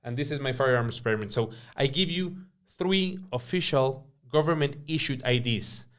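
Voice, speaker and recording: A podcast host with a Guatemalan Spanish accent, a native Spanish speaker, talking in English in an emphatic, animated way and repeating words as he searches for them. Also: medium pitch, moderate pace. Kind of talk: casual podcast conversation.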